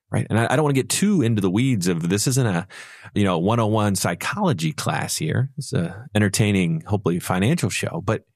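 A man co-hosts a money show, spinning playful stories and laughing as he makes his point. His voice sits on the low side. The recording is dry and close. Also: dry recording. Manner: storytelling, playful, laughs at his own jokes. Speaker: financial advisor co-host. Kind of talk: conversational radio talk.

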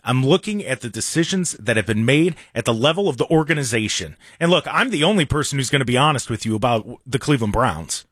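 A man's voice: medium pitch, lively intonation, fast, hardly any pauses, a bit bright, breathy edge, no room sound, studio quality. A man hosting a sports talk show, delivering a sarcastic, opinionated rant and mocking people in put-on voices. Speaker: sports radio host.

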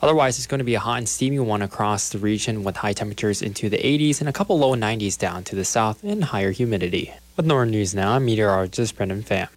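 Brisk male weather forecaster. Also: on the low side, expressive. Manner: brisk, informative. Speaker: meteorologist.

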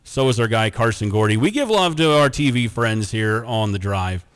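A man's voice: fairly low pitch, lively intonation, moderate pace, clean tone, long reverb tail. A man hosting a sports radio show in a studio, chatting casually, joking and reading listener texts aloud.

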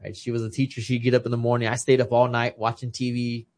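A man in his thirties from Texas tells a deeply personal story as a podcast guest, with his voice sitting in a plain middle pitch. He talks with heartfelt emotion and often stumbles over his first words before getting the thought out. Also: monotone, fast talker. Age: 30s. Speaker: podcast guest, retired boxer. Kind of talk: casual conversation.

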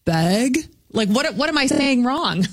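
A woman co-hosting a radio show, chatting in a quick, animated, teasing way. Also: high-pitched. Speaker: radio co-host. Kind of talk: casual morning radio banter.

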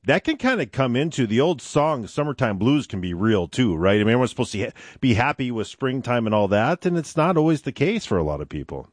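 A man's voice: mid-range voice, very animated, fairly quick, few pauses, dry recording. A man hosting a casual interview, talking in a folksy, conversational way with lots of fillers. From upper Midwest. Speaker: host.

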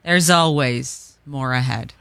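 A co-host on a morning radio show in a studio, tossing in wry quick quips and trivia. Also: mid-range voice, gravelly, a bit bright, clean tone, no room sound. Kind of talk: casual radio banter.

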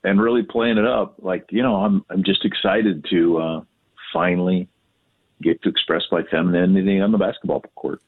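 A man's voice: low voice, fairly even intonation, normal speed. A man talking in a casual, rambling way as a co-host calling in remotely. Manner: casual, rambling, laid-back. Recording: tinny phone line.

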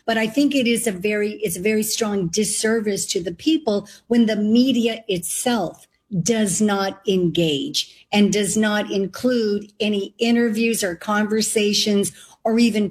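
A woman speaking as a political candidate in an interview, with a voice of middle height. She talks emphatically and pushes back with pointed, incredulous questions. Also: mid-range voice. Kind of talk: interview answer.

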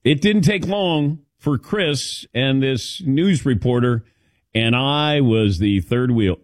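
A middle-aged man from the Midwest hosting a sports radio show, telling stories with animated, laughing delivery. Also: mid-range voice, takes it slowly, no echo, studio quality. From American Midwest. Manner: lively storytelling with laughs. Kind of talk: casual sports radio banter.

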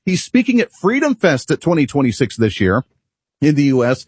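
A man's voice: fairly high pitch, sing-song, a little fast, slightly rough, no room sound. A man hosting a political talk radio show in the studio, speaking in an opinionated, brash and jokey way. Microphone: studio microphone.

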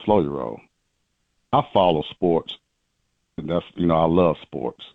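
A man with a very low voice hosts a radio show, leaning hard on the last word of every sentence. His pitch swings widely as he banters. The studio sound is dry and a little dull. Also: lively intonation, a little slow, creaky, no room sound.

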